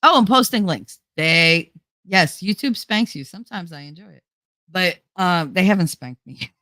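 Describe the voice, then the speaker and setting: A woman's voice: on the low side, lively intonation, normal speed, pushed and bright, no echo. A middle-aged woman hosting her own channel, chatting casually to viewers in a rambling, joking way and laughing often. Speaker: YouTube channel host.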